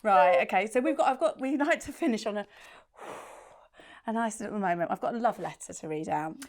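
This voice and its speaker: A woman's voice: medium pitch, animated, moderate pace. A woman podcast host who runs the games and segments in a bossy, playful way. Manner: bossy, playful game-running. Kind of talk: casual chat.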